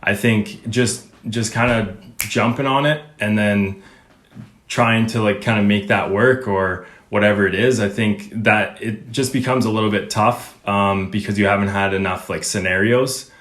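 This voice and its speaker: Man, from Alberta Canada, nutrition coach guest, low voice, relaxed, throat-clearing, echoey room. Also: unhurried. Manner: relaxed, clears throat often, ends with "right?". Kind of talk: casual interview chat.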